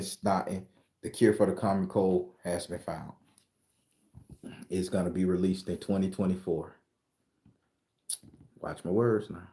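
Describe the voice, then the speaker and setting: With a deep, warm voice bouncing around an echoey room, a man lays out spiritual predictions. The tone is casual vlog chatter: profane, emphatic, loose, and full of laughter.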